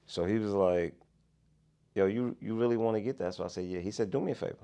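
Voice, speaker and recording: A man co-hosting a podcast, an animated storyteller who swings between mutters and loud outbursts in casual chat. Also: on the low side, fast talker. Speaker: podcast co-host.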